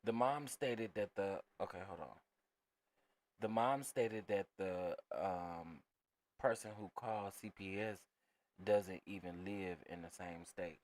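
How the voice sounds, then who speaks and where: A man's voice: low voice, slow. A man hosting a casual reaction commentary, talking emphatically to his viewers and repeating phrases. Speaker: commentary channel host.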